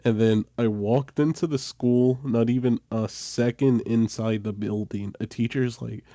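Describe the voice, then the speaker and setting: Dark-voiced man telling a story. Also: mid-range voice, a little slow, dry recording. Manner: animated, self-deprecating, laughs often. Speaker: podcast host. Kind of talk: casual storytelling chat.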